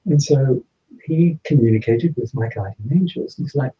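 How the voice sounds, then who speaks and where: A man, a podcast guest, telling a personal story in an animated way and acting out the dialogue. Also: mid-range voice, normal speed. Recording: slightly dull lo-fi audio.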